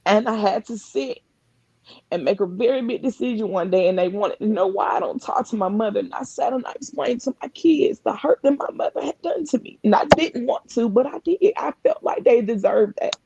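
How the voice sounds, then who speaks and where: Husky, gravelly woman telling her story. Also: on the high side, expressive, warm tone, no echo, dull audio. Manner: earnest, halting, often restarts mid-thought. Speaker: guest sharing her story. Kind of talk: emotional personal testimony on a live stream. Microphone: live video call.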